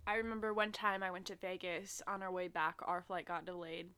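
A young woman co-hosting a podcast, telling relaxed everyday anecdotes. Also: lowish voice, a little fast, smooth. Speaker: podcast co-host. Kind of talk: casual chat.

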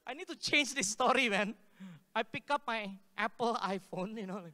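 A man's voice: very high-pitched, a little slow. A man preaching a sermon, telling stories and acting out the dialogue with laughs. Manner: animated, acts out dialogue with laughs. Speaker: pastor. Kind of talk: sermon storytelling. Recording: hall with long reverb.

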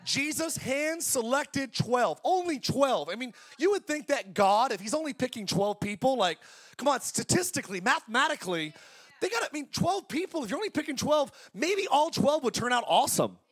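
A man in his forties preaching a sermon as pastor, energetic and conversational, with jokes. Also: extremely high pitch, moderate pace, breathy edge. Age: 40s.

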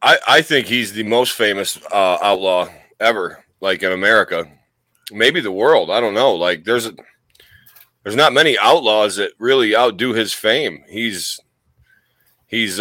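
A man with a lowish, sharp-toned voice co-hosts a casual comedy podcast, swearing freely and drawing colorful folksy comparisons, sometimes in a mock cowboy drawl. The audio is poor with no room sound.

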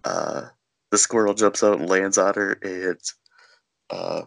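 A man's voice: deep voice, fairly even intonation, takes it slowly, vocal fry, a bit bright, no room sound. A man casually recapping a movie scene by scene in a rambling, filler-heavy way, laughing along as he goes.

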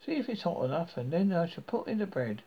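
A man voicing a wicked old witch who eats children, in a high, drawn-out, crooning voice, on a dull lo-fi recording. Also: big pitch swings. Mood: scornful.

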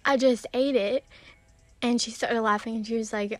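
A young woman tells funny stories in a casual vlog, rambling, giggling and often laughing mid-story. Her voice is on the high side with fairly even intonation, moving at a moderate pace with no echo.

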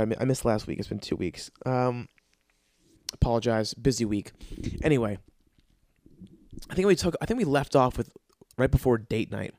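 A man's voice: medium pitch, dark tone, dry recording, studio quality. A man hosting a podcast, telling rambling, profane stories in a casual monologue. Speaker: podcast host.

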